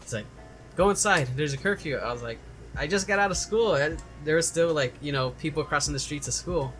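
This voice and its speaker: A man's voice: a little high, quick pace, fairly bright tone, soft background music, poor audio. A young man co-hosting a podcast, telling a story in casual chat and acting out the quoted lines with bursts of laughter. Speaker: podcast co-host.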